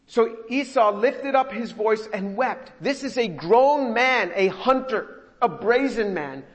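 A male pastor giving a sermon, expressive and acting out the scripture he reads. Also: high-pitched, slow pace. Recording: long hall reverb.

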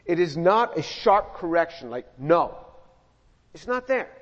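A fairly high-voiced middle-aged man preaching verse by verse, talking like he's chatting with the congregation and repeating himself as he thinks. The sound is muffled and carries a long hall reverb. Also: moderate pace. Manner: conversational, repeats words, animated asides. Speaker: pastor. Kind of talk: verse-by-verse sermon.

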